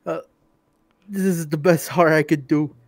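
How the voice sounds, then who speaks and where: A man in casual stream chat, awkwardly repeating prank lines in a slightly higher voice. The sound is close and dry. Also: fairly even intonation, a little slow, dry recording. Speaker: streamer's friend.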